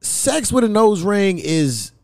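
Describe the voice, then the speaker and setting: A young man from hosting a podcast, telling loose, profane stories in casual chat and jumping his pitch high when he quotes someone. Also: very animated, slow pace, darkish tone, no room sound. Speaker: podcast host.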